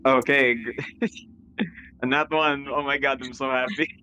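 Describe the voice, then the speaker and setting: A man's voice: mid-range voice, fairly even intonation, a little slow, pushed and bright, poor audio. A man playing a tabletop game, chatting casually and describing his character's actions. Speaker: player. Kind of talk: casual tabletop play talk.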